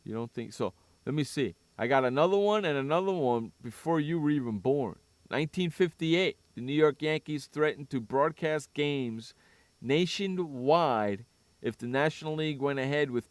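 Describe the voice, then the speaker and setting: A man's voice: medium pitch, moderate pace, clear, resonant tone, no room sound. A man hosting a sports radio show in casual chat, teasing his co-host, joking and repeating himself. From San Diego.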